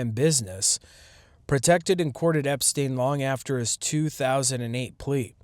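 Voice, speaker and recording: A man's voice: mid-range voice, dry recording, clean studio sound. A man hosting a podcast, talking casually on his own in a rambling, jokey way that trails off and restarts. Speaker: podcast host. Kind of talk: casual solo commentary.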